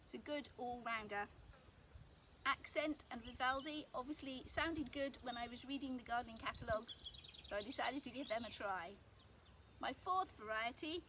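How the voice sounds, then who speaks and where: A woman's voice: high-pitched, a bit bright. A woman gardening vlogger from the UK, explaining her potato planting in a chatty, casual way while working outdoors. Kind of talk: casual outdoor how-to vlog. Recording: outdoor noise, birds and clicks.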